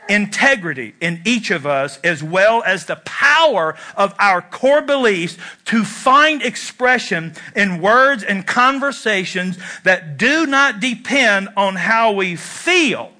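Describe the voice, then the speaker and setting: A middle-aged man delivers a sermon in a loose, conversational way, joking at his own expense. His voice sits high and sounds very bright and ringing. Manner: conversational preaching with self-deprecating humor. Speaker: pastor.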